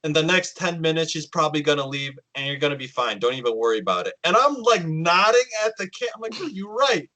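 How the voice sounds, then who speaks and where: A man's voice: a little high, fast talker, few pauses, low-quality recording. A man hosting a podcast, telling a story in casual chat, acting out the lines of others and swearing freely. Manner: animated storyteller, acts out quotes, swears often. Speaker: podcast host.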